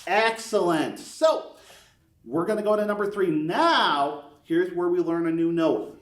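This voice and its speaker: A man's voice: high-pitched, expressive, measured pace. Encouraging man teaching a brass lesson. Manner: encouraging, counts beats aloud. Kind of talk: step-by-step music lesson. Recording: echoey room, mic at a distance.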